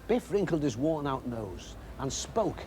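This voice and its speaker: Expressive male storybook narrator. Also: on the high side, measured pace, a little hiss or hum. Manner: expressive and animated. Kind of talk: storybook reading.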